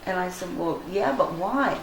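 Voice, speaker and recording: An older woman telling a personal story in an interview, earnest and animated, acting out the dialogue she quotes. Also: lowish voice, normal speed, vocal fry. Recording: roomy echo, faint ambient noise.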